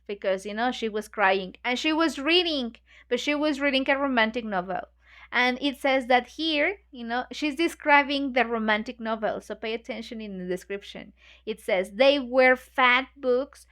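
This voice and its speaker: A woman with a high voice leads an English book club, talking the class through a novel. Her first language is Spanish. She is chatty and full of fillers, and she acts out what the characters say. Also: fairly bright tone. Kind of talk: explaining a novel to English learners.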